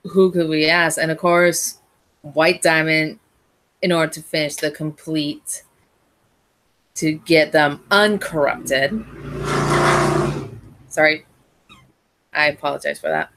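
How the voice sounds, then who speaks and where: A woman with a low, deep-set voice talks slowly through a casual fan recap of an episode. She rambles, breaks off mid-phrase and restarts as she goes. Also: steady tone, a bit bright. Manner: rambling, with frequent restarts and self-corrections. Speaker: fan reviewer.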